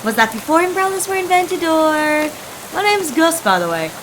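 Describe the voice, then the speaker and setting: A woman's voice: extremely high pitch, sing-song, normal speed, background noise, pitched above the performer's own voice. A woman voicing an easygoing old male hobo in a video game, talking in a folksy, laid-back way.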